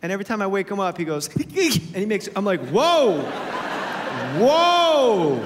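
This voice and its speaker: Casting note: male stand-up comedian, high voice, punchy shouted bits, live room with a long reverb. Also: fast. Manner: energetic, shouts punchlines, drops to a soft voice for asides. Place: comedy club stage. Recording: echoey club with noise.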